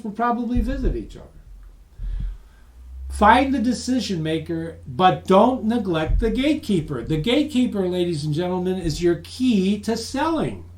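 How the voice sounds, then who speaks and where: Lively high-voiced man giving a talk. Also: moderate pace, poor audio. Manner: lively, conversational, acts out phone calls. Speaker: presenter of a business course. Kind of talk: lecture for professionals.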